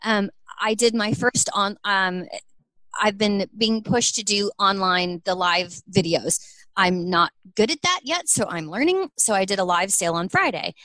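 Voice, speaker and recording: Earnest animated woman, dry sound. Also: mid-range voice, measured pace, dry recording. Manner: earnest and animated, acts out quoted dialogue. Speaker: guest, small clothing business owner. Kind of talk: conversational interview answers.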